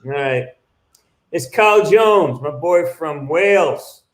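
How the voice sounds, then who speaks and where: A man's voice: on the high side, animated, takes it slowly. A man hosting a live call-in chat, wry and self-mocking. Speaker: host. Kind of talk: casual chat. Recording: roomy echo.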